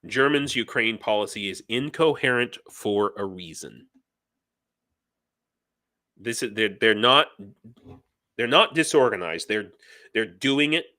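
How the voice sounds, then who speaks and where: A man's voice: lowish voice, animated, a little slow, long pauses, bright, forceful tone. A man hosting a live news stream, giving heated, ranting commentary and reading out viewer comments. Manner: passionate, ranting, reads viewer comments aloud. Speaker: livestream news host.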